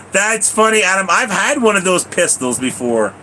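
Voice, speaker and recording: A man's voice: high-pitched, gravelly, sharp tone, a little hiss or hum, low-quality recording. A man live streaming, telling long rambling stories to his chat, repeating himself, laughing and swearing casually.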